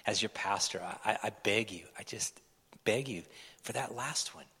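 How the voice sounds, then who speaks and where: A man's voice: fairly low pitch, normal speed, pushed and bright, slightly rough. A man preaching a sermon as pastor, earnest and pleading with his congregation. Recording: long reverb of a large hall.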